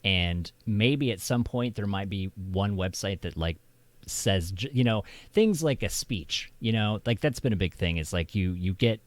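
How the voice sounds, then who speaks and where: A man's voice: lowish voice, animated, measured pace, no room sound. A man hosting a casual stream chat who rambles, restarting his thoughts often. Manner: rambling, heavy with fillers and restarts. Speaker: streamer host.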